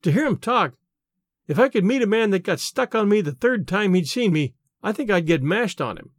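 A man's voice: high voice, sing-song, normal speed, dry recording, studio quality. A man reading aloud, voicing a sassy, street-smart young shop girl who teases in slang. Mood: teasing.

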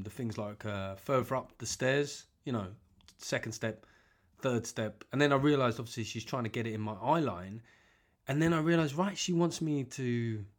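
A man, a comedian hosting his podcast, delivering a rambling, profane, self-mocking comic monologue. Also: mid-range voice.

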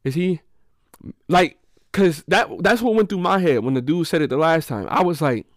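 A podcast co-host, a man with a slightly high voice, tells stories in a casual, animated way and acts out people's quotes. He speaks at normal speed, and the clean studio sound has no echo.

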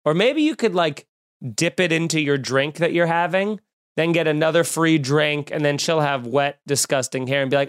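A man on a podcast rants in a lively, exasperated way, swearing freely as he riffs for laughs. His voice sits a touch higher than most men's. The sound is close and dry, with no room echo. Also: moderate pace, clear, resonant tone. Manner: animated, exasperated ranting with frequent cursing. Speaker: podcast host. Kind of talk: casual comedic podcast rant. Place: room at home with windows open.

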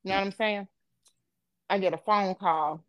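A woman's voice: medium pitch, fairly even intonation, moderate pace, fairly bright tone, no room sound. Woman telling a story on a podcast, emotional, swears some, dry close mic. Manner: emotional, vivid retelling with profanity. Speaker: podcast co-host. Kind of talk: personal storytelling.

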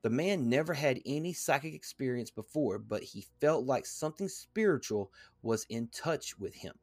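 A man hosting a podcast, reading a text aloud in a halting way, with fillers and stumbles. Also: mid-range voice, animated, a little mellow, no echo. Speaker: podcast host.

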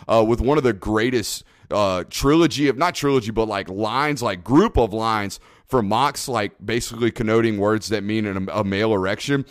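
A man co-hosting a podcast in casual chat, rambling and excitable, often laughing. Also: on the low side, no echo, studio quality. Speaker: podcast co-host.

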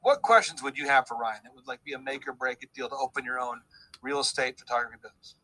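A man's voice: medium pitch, fast, sharp tone, husky, poor audio. A man hosting a casual podcast chat, rambling and joking, with many restarts. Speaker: podcast host.

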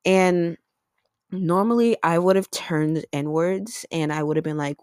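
Woman, podcast host, casual storytelling, filler-heavy, deep voice, dry recording. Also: moderate pace, darkish tone, no room sound. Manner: chatty, lots of "like" and "um".

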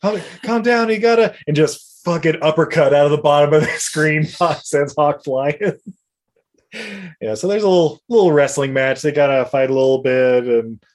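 A man's voice: a little high, moderate pace, darkish tone. A man casually recapping an episode as a podcast co-host, rambling and laughing as he goes. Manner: rambling and laughing, with lots of fillers.

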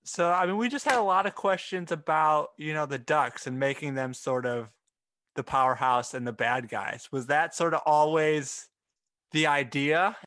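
A man's voice: on the high side, moderate pace, fairly bright tone. A man co-hosting a podcast, asking hesitant, searching questions in a casual interview. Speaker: podcast co-host.

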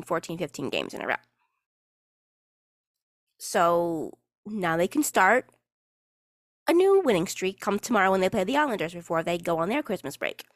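This sarcastic, talkative New Yorker runs a casual solo podcast and coaches cheerleading on the side, peppering her talk with fillers and casual cursing. She has a medium-pitched voice. The recording is dry and clean, studio grade.

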